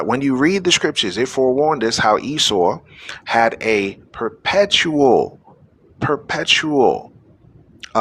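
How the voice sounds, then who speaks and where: Over a phone or webcam live stream, a man with a medium-pitched, sharp, husky voice hosts a news show. His commentary is preachy, urging his audience on.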